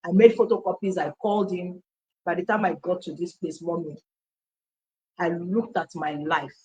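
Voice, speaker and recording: A Nigerian woman telling her personal story in an animated testimony style, acting out dialogue and slipping into Pidgin phrases. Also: lowish voice, moderate pace, muffled recording.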